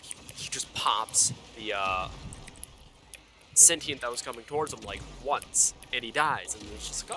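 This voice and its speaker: An excitable young man whose voice is very bright and cutting. He swears freely and keeps tripping over his own words in a loose, rambling stream of gaming talk. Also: mid-range voice, normal speed, a little hiss or hum. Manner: excitable, swears a lot, with frequent fillers and self-corrections. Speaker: gaming video creator.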